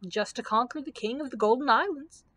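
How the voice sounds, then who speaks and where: Woman voicing a male straw scarecrow, cheerful, kindly, engaging, storybook reading, higher voice. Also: a little fast, a bit bright.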